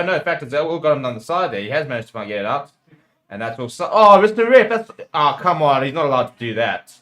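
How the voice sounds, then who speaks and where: A man with a medium-pitched, slightly bright voice hosts a rugby watchalong, calling the play live with partisan play-by-play. He gets heated with the referee.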